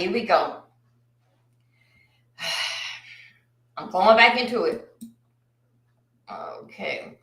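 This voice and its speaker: Woman livestream host, high voice, slow drawn-out delivery, echoey room. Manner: animated, slow and drawn out, with exclamations and sighs. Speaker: livestream host recapping court testimony. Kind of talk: casual livestream commentary, reading aloud.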